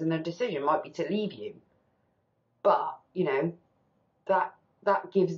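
A woman's voice: low-pitched, darkish tone, highs cut off. A woman hosting a TV reaction channel, talking candidly and with animation, swearing casually as she reacts.

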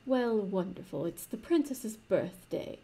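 A charming horned tavern keeper greets his guests with smooth, courteous hospitality, as a woman storyteller puts him on. The voice is mellow and a little breathy, barely shifted from a storyteller's own. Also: medium pitch, animated, measured pace, low-quality recording. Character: charming male tavern keeper with devil horns.

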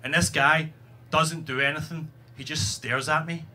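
On a comedy club stage, a Scottish man performs stand-up into a stage mic, telling stories in a profane, animated way. His voice is fairly high at a moderate pace, and the live club recording is loud and noisy.

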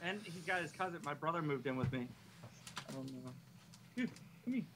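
A man's voice: on the high side, lively intonation, fairly quick, background noise. A man chatting as a guest on a talk show, laid-back and chuckling. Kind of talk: casual chat.

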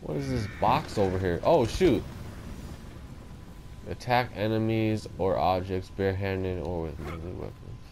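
A young man commenting on a horror game as he plays, excitable and joking as he talks to himself. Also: low voice, unhurried, gravelly, slight background noise. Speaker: let's play gamer. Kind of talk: casual gameplay commentary.

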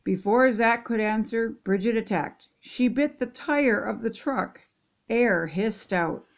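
An older woman, a grandmother reading a children's picture book aloud in gentle, steady storytelling. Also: fairly high pitch, slow pace, muffled recording. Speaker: storybook reader.

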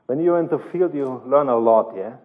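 A man's voice: mid-range voice, moderate pace. Man lecturing, ending phrases with "yeah?". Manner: tags nearly every phrase with a questioning "yeah?"; non-native, broken English phrasing. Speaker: conference instructor. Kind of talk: technical lecture. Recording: tinny, narrow-band conference recording.

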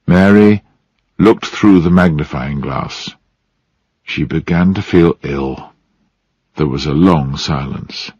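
Slow husky male storyteller. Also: very deep voice, animated, no room sound, dull audio. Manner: clear, deliberate phrasing. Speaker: narrator. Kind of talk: slow storybook reading for learners.

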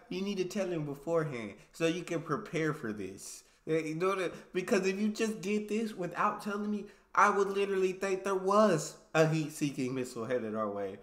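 A man from the United States who hosts reaction videos, commenting casually with animated, emphatic interjections. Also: high voice, normal speed, hardly any pauses, roomy sound.

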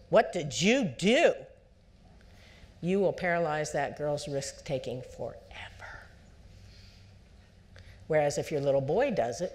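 Lively woman psychologist lecturing parents. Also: sits low. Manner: lively, acts out what parents and children say; asks the audience direct questions. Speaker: psychologist speaking at a parenting conference.

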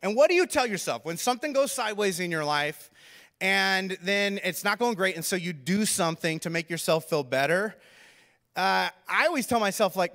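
A man's voice: high-pitched, moderate pace. Man, pastor, sermon, self-deprecating humor, chatty, speaks to the crowd, long church reverb. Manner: animated, self-deprecating, conversational, addresses crowd directly. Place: church auditorium. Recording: reverberant hall sound.

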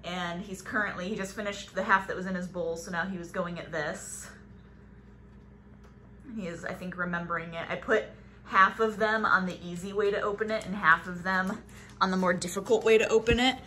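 A woman's voice: mid-range voice, steady tone, moderate pace, sharp tone, slight background noise. Chatty young woman vlogging at home. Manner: chatty, rambling, many fillers. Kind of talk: casual vlog chat. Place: home, on the stairs.

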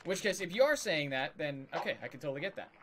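A man streams himself playing a video game, chatting casually as game music plays and slight background noise is audible. He rambles, chuckles and answers the characters in a racing, expressive voice that is a little high and a bit bright.

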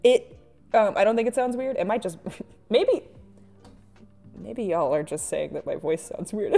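A woman's voice: mid-range voice, expressive, unhurried, creaky, pauses often, mellow, soft background music. A woman artist chatting casually and poking fun at herself while she draws on a live stream. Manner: chatty, self-mocking, with frequent laughs and sighs.

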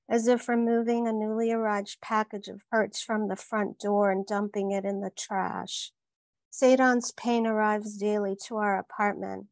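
A woman author reading aloud from her novel in a measured, unhurried way. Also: mid-range voice, fairly even intonation, darkish tone, no room sound.

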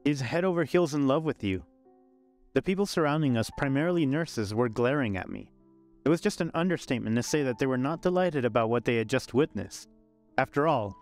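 A man narrating a scripted first-person love story in a calm, even way. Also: mid-range voice. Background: faint background music.

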